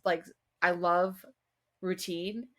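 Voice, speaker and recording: A woman's voice: fairly low pitch, fairly even intonation, extremely slow. A young adult woman, a mother, co-hosting a podcast and telling stories in casual chat with exasperated asides. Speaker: podcast co-host.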